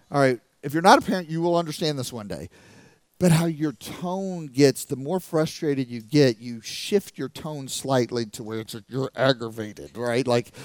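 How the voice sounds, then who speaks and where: A middle-aged man telling a story as a motivational speaker, animated, acting out the voices of the people in it. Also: fairly high pitch, dry recording. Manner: animated, acts out the voices of people in his stories. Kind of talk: storytelling talk to a live audience.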